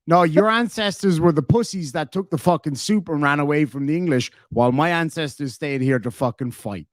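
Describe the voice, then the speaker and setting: Irish male host, higher voice, brash profane taunting, dry close mic. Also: brisk, no room sound. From Ireland. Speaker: streamer and host. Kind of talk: heated live-stream argument.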